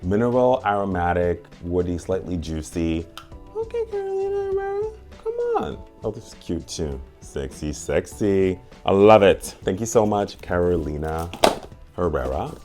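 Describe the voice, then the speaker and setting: A man hosting a casual unboxing vlog, playful and gushing, with sudden high squeals. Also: a little slow, a little mellow, faint music behind. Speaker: candle and perfume reviewer.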